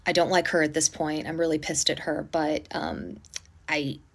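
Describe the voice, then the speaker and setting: A woman telling a personal story in a casual storytime, animated and dramatic, with blunt swearing. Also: deep voice, moderate pace, creaky.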